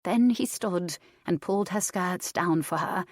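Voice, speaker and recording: A woman reads a historical romance aloud in a steady, measured voice. Her tone sits low, and the recording is dry and close, with no room sound. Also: no room sound. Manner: steady, even reading. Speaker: audiobook narrator. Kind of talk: scripted narration.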